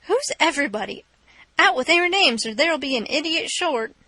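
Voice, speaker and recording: A woman reading an audiobook, voicing a flustered, sharp-tongued older Southern aunt who scolds indignantly. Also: high voice, animated, normal speed, no echo.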